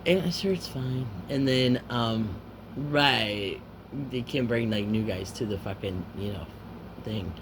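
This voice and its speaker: A man's voice: medium pitch, takes it slowly, noisy background. A man telling a rambling, profane anecdote, full of filler words and trailing asides.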